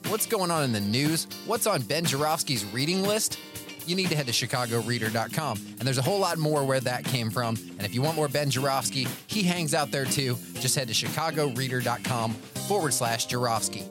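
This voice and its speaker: Upbeat male announcer over guitar music. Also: mid-range voice. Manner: brisk, upbeat promo read. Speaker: show announcer. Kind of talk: scripted show intro.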